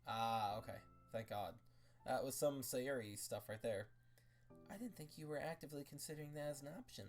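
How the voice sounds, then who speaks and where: A woman's voice: a bass voice, fairly quick, darkish tone, soft background music. A woman reading a fan story aloud, narrating with casual asides and small restarts. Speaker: story reader.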